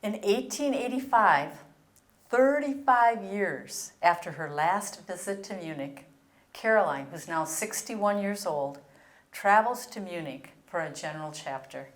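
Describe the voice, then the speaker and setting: An older religious sister giving an earnest historical presentation, telling stories and reading out letters. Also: female voice, medium pitch, animated, a little slow, echoey room. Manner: earnest storytelling with read-out quotes.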